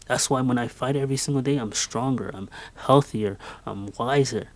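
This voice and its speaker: A man's voice: mid-range voice, normal speed. A man in his twenties giving an earnest, emphatic motivational monologue with lots of repetition. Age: 20s. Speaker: podcast host.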